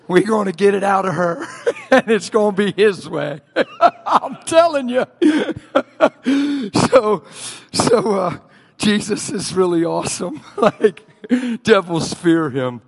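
A man preaching a sermon as a story, animated, acting out voices and screams and often laughing. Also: sits high.

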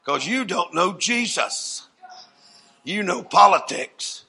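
A man preaching a sermon as a dramatic story, swinging from hushed asides to loud declarations. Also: sits high, lively intonation, slow, breathy edge.

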